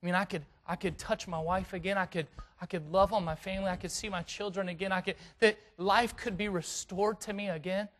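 A man preaching voices a desperate, hopeful sick man who is wondering aloud, in a hushed voice, whether he could be healed. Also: sits high, fairly even intonation, fairly quick, few pauses.

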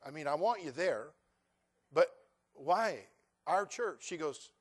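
A man preaching a sermon as pastor, telling a story with soft asides and then loud, emphatic stretches. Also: on the high side, animated, unhurried, pauses often, slightly rough.

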